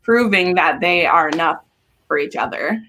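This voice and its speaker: A woman hosting a casual live book discussion over a video call, enthusiastic and quick to laugh. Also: on the low side, sharp tone, a little hiss or hum. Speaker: host.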